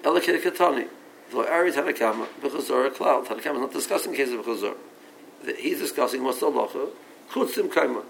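Male Talmud teacher lecturing, fry in the voice, thinks out loud with restarts. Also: mid-range voice, expressive, quick pace, a little hiss or hum, poor audio. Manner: reasoning aloud, mixing English with Aramaic and Hebrew terms; frequent restarts and repeated words.

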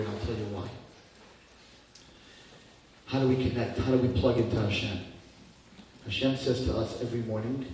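A man in his fifties giving a lively religious talk, swinging from hushed tones to near-shouting. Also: medium pitch, slight background noise. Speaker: religious teacher. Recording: echoey hall from far off.

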